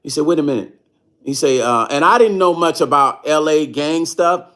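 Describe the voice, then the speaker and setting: Animated middle-aged man telling a story. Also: fairly high pitch, normal speed. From Chicago. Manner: animated storyteller, acts out quoted voices, laughs often. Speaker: vlogger and musician. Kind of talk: casual storytelling livestream.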